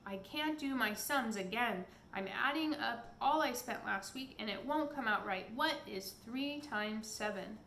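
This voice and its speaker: A woman voicing a huge, bad-tempered male giant who shouts and blusters, in an echoey room. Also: fairly high pitch, measured pace, gravelly, hardly any pauses, a little hiss or hum. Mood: angry roaring.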